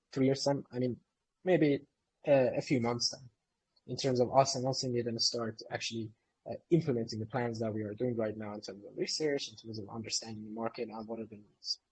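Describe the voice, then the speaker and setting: A man's voice: medium pitch, a little mellow, slightly rough, low-quality recording. A man who co-founded a company, answering community questions in a live Q&A session in an eager, explanatory way.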